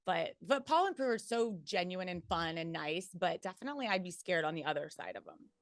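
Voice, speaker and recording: A woman in her forties, a guest in a casual chat, telling stories in an animated way, swearing and laughing often. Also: lowish voice, a little fast, no echo, clean studio sound.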